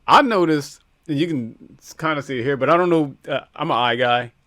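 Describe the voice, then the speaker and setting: Male podcast co-host, relaxed slangy chat, dry close mic. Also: fairly high pitch, normal speed, no room sound. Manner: relaxed, laughs often, loose casual slang.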